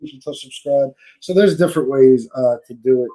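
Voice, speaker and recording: Mellow-voiced male live-stream host. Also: mid-range voice, fairly quick, poor audio. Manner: easygoing, reads out viewer comments. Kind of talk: casual live-stream interview. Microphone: video call.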